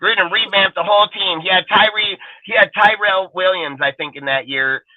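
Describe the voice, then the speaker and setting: A man rants through heated sports talk, cursing hard and circling back to the same points. His voice sits high for a man. The sound is dry and thin, like a phone line. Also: normal speed, no room sound. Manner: profane, ranting, repetitive. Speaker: podcast co-host.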